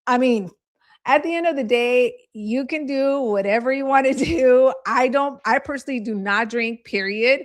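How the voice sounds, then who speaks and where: A woman's voice: high voice, normal speed. A woman real estate agent giving a live training, telling candid stories in a chatty way and laughing easily.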